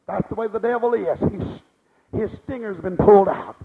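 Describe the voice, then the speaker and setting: A man's voice: high-pitched, normal speed, vocal fry, narrow, tinny audio. A man preaching a sermon in a rhythmic style, repeating phrases and firing off rhetorical questions.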